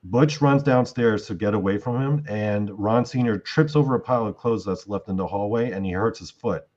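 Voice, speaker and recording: A man's voice: lowish voice, normal speed, a little mellow, muffled recording. A man hosting a podcast, retelling events in a rambling, casual way with lots of fillers. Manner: rambling retelling with many fillers and acted quotes. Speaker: podcast host. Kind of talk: casual storytelling chat.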